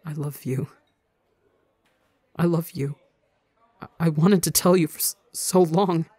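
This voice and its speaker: A fragile young man fighting back sobs, his words catching and faltering, as a reader puts him on. It is an audio story, voiced slightly low and recorded dry. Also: little pitch movement, a little slow, dark tone, dry recording, natural voice. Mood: choked. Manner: choked and faltering.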